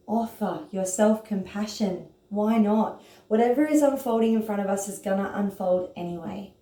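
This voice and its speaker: Earnest, excitable woman in an echoey room. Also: medium pitch. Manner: excited, earnest, speeds up and slows down. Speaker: yoga teacher and author. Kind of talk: casual self-help talk to followers.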